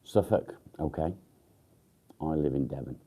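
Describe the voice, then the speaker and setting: A man chats on his morning live stream, still half awake. His voice sits very deep and dark, and he talks slowly, meandering through fillers and casual swearing. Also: breathy edge. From England. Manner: groggy, rambling, mumbled fillers and swearing. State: groggy, just woken up. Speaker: livestream host.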